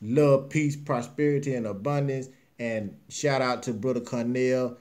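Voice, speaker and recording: A man's voice: mid-range voice, steady tone, measured pace, few pauses, a little mellow. A man hosting his show, delivering an emotional, impassioned monologue in a preachy, repetitive way. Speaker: host.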